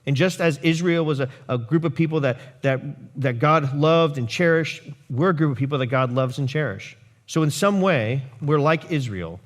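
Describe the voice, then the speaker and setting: Male pastor, fairly high voice, lively sermon delivery with playful acted-out quotes. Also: normal speed. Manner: animated, jokey asides and voiced quotes.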